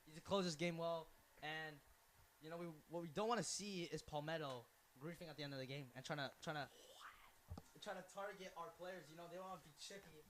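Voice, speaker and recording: High-pitched teen guy doing color commentary, rambles, yells on big plays, faint hiss behind. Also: fairly quick. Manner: rambling and excitable, prone to tangents and sudden shouts. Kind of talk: student sports broadcast commentary.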